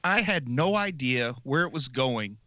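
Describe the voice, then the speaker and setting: Man, podcast co-host, bright voice, slightly high, casual opinionated chat, laughs often, dry close mic. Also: animated, unhurried, dry recording. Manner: chatty, laughs often, long opinionated riffs. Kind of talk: casual movie review chat.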